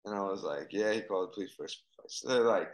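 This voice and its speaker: A man's voice: fairly low pitch, racing, reverberant, low-quality recording. A man, a football coach, telling a story in casual conversation and acting out the dialogue. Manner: animated storyteller, acts out dialogue.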